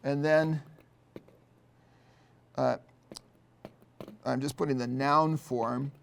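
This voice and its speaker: A middle-aged man, a seminary professor, explaining a Bible passage in an unscripted lecture. He is thoughtful and pauses often, with many fillers and restarts. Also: medium pitch, fairly even intonation, gravelly, a little hiss or hum.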